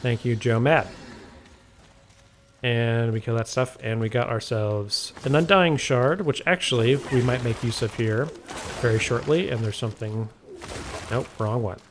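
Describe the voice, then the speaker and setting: A man's voice: medium pitch, unhurried, slight background noise. A man giving casual walkthrough commentary on a video game, rambling and correcting himself with wry asides, recorded at home on a desk microphone.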